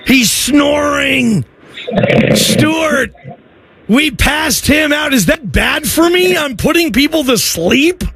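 A man hosting a sports talk radio show, talking loosely and excitably and joking with callers. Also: very high-pitched, slow, faint music behind.

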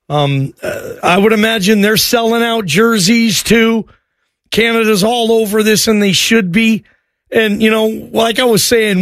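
A man hosting a sports talk radio show, talking loosely and excitably and joking with callers. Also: high voice, no room sound.

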